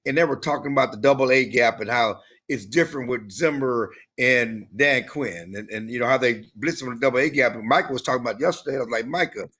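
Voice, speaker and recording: A man co-hosting a sports podcast in casual chat, animated and given to repeating himself. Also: medium pitch, fast talker, hardly any pauses, breathy edge. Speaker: podcast co-host.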